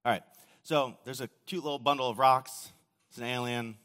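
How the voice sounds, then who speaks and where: A man preaching a sermon, telling the story casually with acted quotes, often dropping to a quiet, low voice. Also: steady tone, normal speed. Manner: casual storytelling with acted quotes and sudden drops to near-whisper. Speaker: pastor. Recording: long hall reverb.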